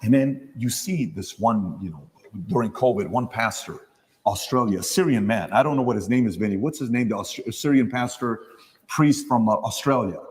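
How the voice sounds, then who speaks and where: A man's voice: mid-range voice, normal speed, darkish tone, in a large hall. A man hosting a podcast, telling stories loosely with many fillers and acted-out dialogue. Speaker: podcast host. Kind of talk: conversational interview.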